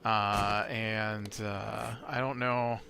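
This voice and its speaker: Male let's-play host, unhurried, fillers everywhere, noticeable noise under the voice. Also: fairly low pitch, level tone. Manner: rambling, many filler words. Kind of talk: casual gameplay commentary. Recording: clear background noise.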